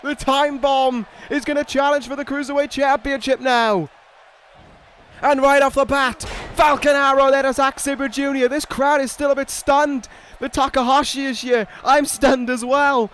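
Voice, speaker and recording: Excitable high-voiced commentator. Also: male voice, moderate pace, a little hiss or hum. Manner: excitable, swings from dry sarcasm to stunned shouting; swears casually. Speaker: video game commentator. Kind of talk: play-by-play commentary over a wrestling video game.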